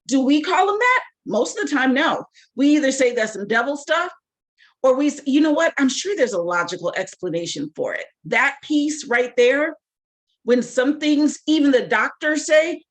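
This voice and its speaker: A woman leading a casual Bible study, reading scripture aloud and asking her group animated rhetorical questions. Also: a little high, moderate pace.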